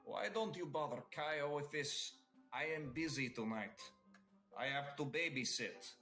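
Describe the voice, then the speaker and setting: A man voicing a big, lumbering trunked brute who talks bluntly in broken, gruff sentences. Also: on the high side, a little slow, bright, forceful tone, soft background music. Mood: grumbling.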